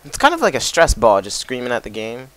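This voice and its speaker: A man's voice: medium pitch, wildly swooping pitch, fairly quick, fairly bright tone, no echo. A young man co-hosting a casual podcast, answering with short, dry quips. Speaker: podcast co-host. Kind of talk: casual chat.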